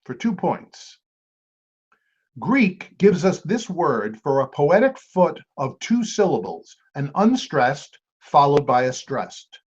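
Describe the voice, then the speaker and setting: A man hosting a trivia quiz, reading clues aloud and repeating each one slowly. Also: a little high, sing-song, husky. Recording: dull lo-fi amateur recording.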